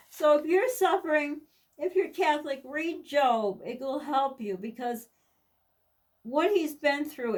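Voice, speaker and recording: A woman's voice: sits high, far from the mic. A middle-aged woman from the United States, talking candidly and rambling in a personal vlog, with many restarts and asides. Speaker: vlogger.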